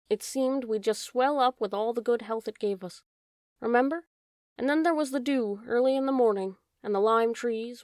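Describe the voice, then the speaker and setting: A woman voicing a gentle male autumn leaf who speaks tenderly and reassuringly. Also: fairly high pitch, dry recording, clean studio sound, natural voice.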